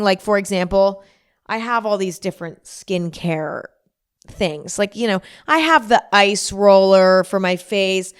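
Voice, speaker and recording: Chatty young woman with a smooth voice. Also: mid-range voice. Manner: chatty, rambling, self-mocking, acts out inner voices. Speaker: podcast host. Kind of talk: casual solo podcast chat.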